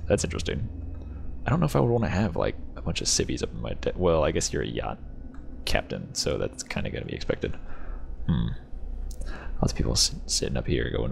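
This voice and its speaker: A man's voice: very deep voice, sing-song, brisk, vocal fry, long pauses, slight background noise. A man hosting a channel, rambling and joking with frequent laughs as he tours a ship in a game. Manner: rambling, jokey, laughs often. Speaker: channel host reviewing game ships. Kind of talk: casual game commentary.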